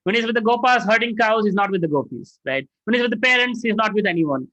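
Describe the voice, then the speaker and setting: Animated male scripture storyteller. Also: sits high, quick pace, no room sound, lo-fi sound. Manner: animated, dramatizing, frequent "right?". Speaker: spiritual teacher.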